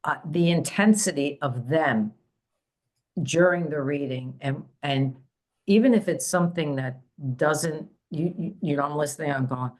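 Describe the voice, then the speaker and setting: A woman's voice: low-pitched, measured pace, a little mellow. A woman hosting a spiritual podcast as a psychic medium, talking casually with many fillers and restarts.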